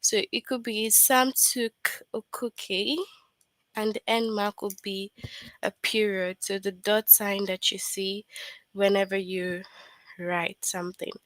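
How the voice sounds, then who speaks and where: A woman's voice: mid-range voice, flat delivery, unhurried, a bit bright, dry recording, low-quality recording. A woman teaching an online grammar lesson to young children, patient and repetitive, often checking in with questions.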